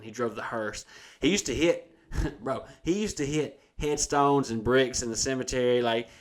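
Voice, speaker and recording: A man, co-hosting a crude casual chat, profane and storytelling with a lot of laughter. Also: medium pitch. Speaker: podcast co-host.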